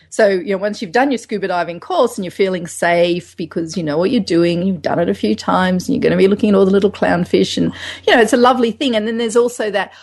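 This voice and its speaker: A woman's voice: mid-range voice, fairly quick. Female podcast co-host, casual and enthusiastic, acts out bits of dialogue. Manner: enthusiastic, animated, acts out little quotes. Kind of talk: casual sex-education chat.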